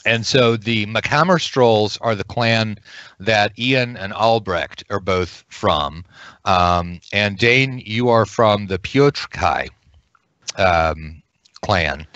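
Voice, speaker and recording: A man running a tabletop game as game master, rambling and pausing with many ums as he explains the setting over a video call. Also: lowish voice, a bit bright, no room sound, dull audio. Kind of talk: narrating a tabletop game session.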